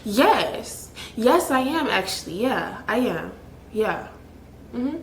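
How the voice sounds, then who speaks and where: A woman's voice: a little high, big pitch swings, slow pace, vocal fry, slight background noise. A young adult woman telling a candid storytime, blunt and chatty, with frequent "like". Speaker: vlogger. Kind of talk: storytime vlog. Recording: echoey room.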